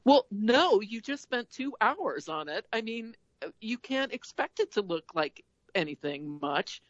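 A woman in casual podcast chat about embroidery, animated and laughing often as she acts out inner voices. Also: fairly high pitch, a little slow, dry recording, dull audio.

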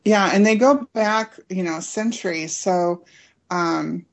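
A woman's voice: lowish voice, takes it slowly. A woman interviewed as an author and collector, friendly and a bit hesitant, with frequent ums. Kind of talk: casual interview chat.

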